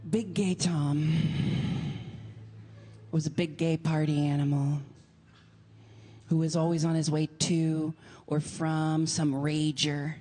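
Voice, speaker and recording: A woman doing stand-up comedy, telling a story in an animated, self-mocking way. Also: low-pitched, measured pace.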